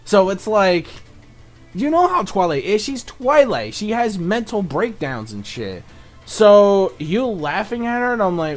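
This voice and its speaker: A young man reviewing a cartoon episode in casual, rambling talk, excitable and profane, full of fillers, now and then mock-shouting in a high, exasperated voice. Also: unhurried, soft background music. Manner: rambling, excitable, swears a lot, fills with "like" and "you know".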